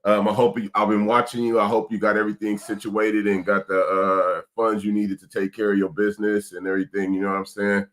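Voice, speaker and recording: A man's voice: lowish voice, little pitch movement, brisk, hardly any pauses, a bit bright. A middle-aged man, chatting casually and emotionally in a laid-back, slang-heavy way. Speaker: vlog host, father. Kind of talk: casual vlog chat.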